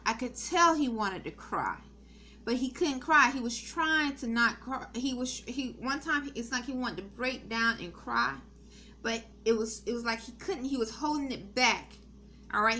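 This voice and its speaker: A woman's voice: on the high side, bright, forceful tone, a little hiss or hum. A middle-aged woman giving a spiritual testimony in a meandering, earnest way, with many ums and restarts. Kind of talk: rambling spoken testimony.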